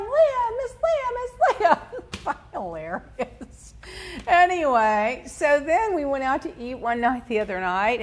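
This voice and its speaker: A woman with a high voice hosts a casual talk show. She tells stories from her week in an animated way, laughing often and slipping into the voices of the people she quotes. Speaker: host. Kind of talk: chatty personal storytelling.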